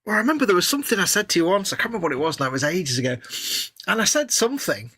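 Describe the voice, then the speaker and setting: A middle-aged English man co-hosting a casual live stream, quick and self-deprecating, laughing often. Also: high-pitched, very animated, pushed and bright, husky, dry recording. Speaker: co-host.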